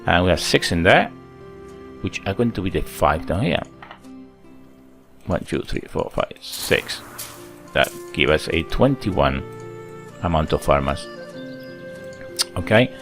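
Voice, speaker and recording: Deep-voiced man chatting over game play. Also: very animated, takes it slowly, gravelly, pauses often, a bit bright, soft background music. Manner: chatty, thinks aloud, counts workers under his breath. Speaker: gameplay channel host. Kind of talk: casual let's-play commentary.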